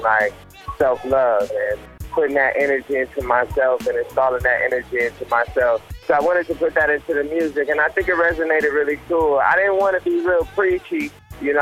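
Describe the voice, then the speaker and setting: A man's voice: medium pitch, fairly bright tone, low-quality recording. A young man from Las Vegas, a rapper, talking loosely and casually in an interview, with a lot of "you know" and "man". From Las Vegas, United States. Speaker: rapper guest.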